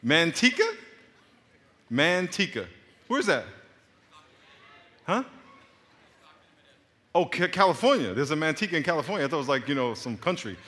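A man's voice: a little high, big pitch swings, moderate pace, pauses often, fairly bright tone. A middle-aged man from Long Island, a pastor greeting his congregation and joking with the crowd. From Long Island, New York. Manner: joking, teasing banter with the crowd. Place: large church auditorium. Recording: reverberant large hall.

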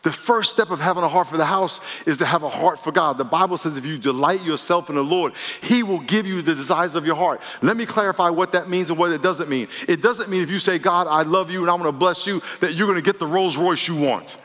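Animated man preaching in a reverberant hall. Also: on the high side, fairly quick, hardly any pauses. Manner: animated preaching with acted-out quotes and laughter. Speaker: pastor. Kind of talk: sermon. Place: church sanctuary.

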